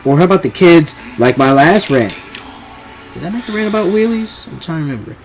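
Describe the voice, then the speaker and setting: A man's voice: fairly high pitch, animated, a little fast, faint music behind, rough recording. A young man ranting casually and with exasperation, rambling and repeating himself. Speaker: vlogger ranting. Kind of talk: casual rant to camera.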